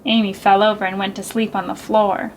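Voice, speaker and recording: A woman librarian reading a picture book aloud to children in a gentle, expressive, sing-song way. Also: mid-range voice, a little fast, slight background noise, rough recording. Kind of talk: storytime read-aloud for children.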